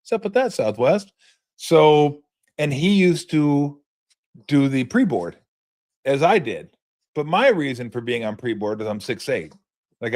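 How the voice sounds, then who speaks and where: A man hosting his own show in a loose, chatty monologue, mid-pitched and lively as he spins a story. He stumbles into restarts and fillers, breaking into laughter along the way. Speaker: podcast host.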